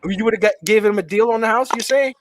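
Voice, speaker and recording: High-voiced New York man hosting. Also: fast. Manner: teasing, stammering restarts. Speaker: livestream show host. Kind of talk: casual call-in chat.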